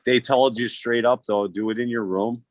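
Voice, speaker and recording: A man's voice: medium pitch, fairly even intonation, normal speed, no echo, low-quality recording. A man casually telling a rambling, profane travel story, acting out the lines of people in it. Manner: rambling, profane, acts out quotes.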